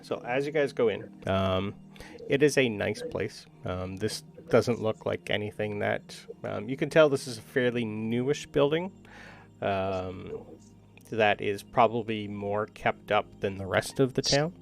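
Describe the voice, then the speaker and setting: A man's voice: on the low side, a little slow, gravelly, faint music behind. A man running a tabletop game as game master, describing scenes casually with frequent ums.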